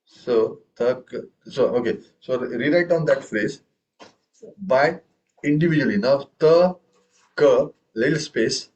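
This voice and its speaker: In a room with students, a man teaches a tabla class, speaking patiently and often checking in with "okay" and "right?" while chanting rhythm syllables aloud. His mid-range voice is a little slow and a little mellow, and the audio is dull.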